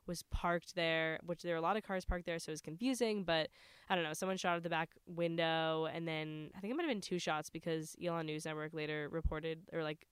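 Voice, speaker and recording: A woman's voice: low-pitched, steady tone, clear, resonant tone, dry recording, clean studio sound. A young college woman from New York chatting casually with a friend, rattling on with lots of "like" fillers. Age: young adult. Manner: fast, chatty, frequent "like" fillers. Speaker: college student co-host. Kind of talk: casual chat.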